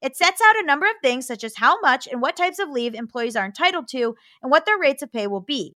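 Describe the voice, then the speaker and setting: A woman's voice: high-pitched, expressive, quick pace, pushed and bright, no echo, studio quality. A woman co-hosting a podcast, reading listener letters aloud and riffing with a laugh between them.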